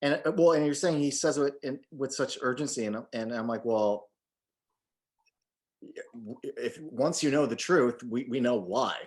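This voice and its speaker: A man's voice: medium pitch, normal speed, a little mellow. A man in his forties co-hosting a film podcast in casual chat, joking, swearing and rambling loosely. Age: 40s. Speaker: podcast co-host.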